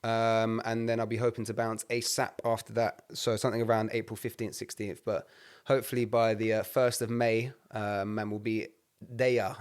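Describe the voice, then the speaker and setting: A young man, talking casually as a podcast co-host. He tells stories in an animated way, packed with slang and swearing. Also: lowish voice, moderate pace, smooth. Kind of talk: casual chat.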